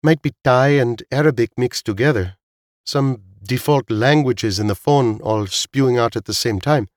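A quick, curious young woman on a bike, her voice pitched noticeably higher than the low-voiced reader's own, as a man puts her on. The lines come fast and questioning, with a dry, close sound. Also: dry recording, natural voice. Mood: matter-of-fact. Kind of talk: audiobook character voice.

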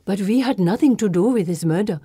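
A woman voicing a calm, earnest young woman of a secluded tribe in an audiobook. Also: mid-range voice, brisk, breathy edge, no echo, studio quality. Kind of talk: audiobook reading.

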